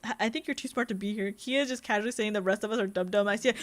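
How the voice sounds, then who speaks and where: A woman's voice: on the high side, fast talker, pushed and bright. A young adult woman streaming a game, chatting casually and laughing often as she reads chat. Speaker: VTuber streamer. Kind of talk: casual live-stream chat while gaming.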